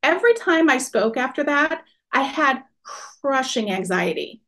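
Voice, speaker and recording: Lively woman telling a personal story. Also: sits high, a little slow. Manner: animated, expressive storyteller addressing audience. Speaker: workshop speaker.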